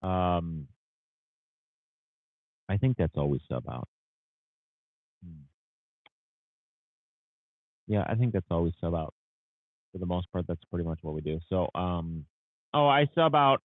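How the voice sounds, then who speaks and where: Tired low-voiced man on a tinny line. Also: dry recording. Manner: rambling, tired, with many fillers and restarts. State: tired, yawning. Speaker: landscaping business owner hosting a livestream. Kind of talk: casual livestream Q&A. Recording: tinny phone-like audio.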